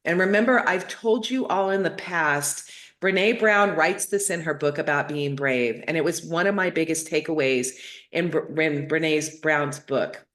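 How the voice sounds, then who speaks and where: A woman's voice: sits low, unhurried, a bit bright. A middle-aged woman hosting her own show, telling a story to her viewers in a chatty, rambling way with many fillers and restarts. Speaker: host of a spiritual talk show.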